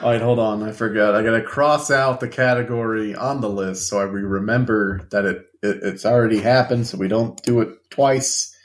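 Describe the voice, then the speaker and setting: A man co-hosting a podcast in casual chat, running the list with deadpan, wry teasing. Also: on the low side, normal speed, hardly any pauses.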